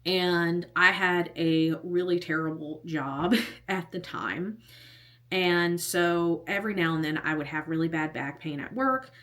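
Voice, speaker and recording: A young woman with a slightly low voice tells a personal storytime on her vlog. She talks casually and animatedly, laughing often as she recounts what happened. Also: a little slow, fairly bright tone. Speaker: vlogger.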